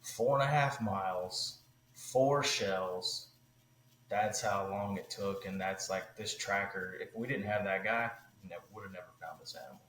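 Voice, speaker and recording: A man telling a hunting story on a podcast, animated and loose, full of "like" and "you know". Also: low voice, a little slow, roomy sound, a little hiss or hum, poor audio. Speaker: podcast guest.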